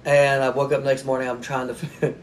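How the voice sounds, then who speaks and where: A man's voice: medium pitch, flat delivery, moderate pace, a little hiss or hum. Self-mocking man telling a story. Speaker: podcast guest, author. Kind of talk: casual podcast chat.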